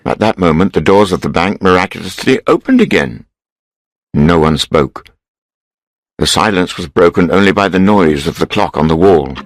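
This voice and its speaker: Low male narrator, steady measured storybook reading, close and dry. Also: no room sound, poor audio.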